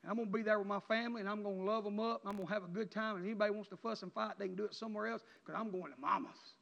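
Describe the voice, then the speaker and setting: Male preacher, high-pitched and impassioned, dull recording with long church reverb. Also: fairly even intonation, very fast, creaky. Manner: impassioned, rising to near-shouts then dropping low. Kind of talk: emotional sermon testimony. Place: church sanctuary.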